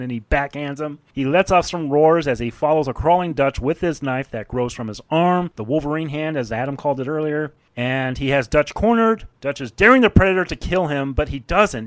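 A man's voice: on the high side, no room sound. A man recapping a film's scenes in casual chat, narrating events and laughing as he goes. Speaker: podcast co-host recapping a film.

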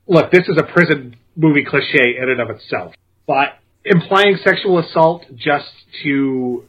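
A man with a husky, slightly rough voice picks a film apart in casual podcast chat. He is blunt and scathing, and his verdicts come fast. The audio is dull and lo-fi. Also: medium pitch. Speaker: podcast co-host.

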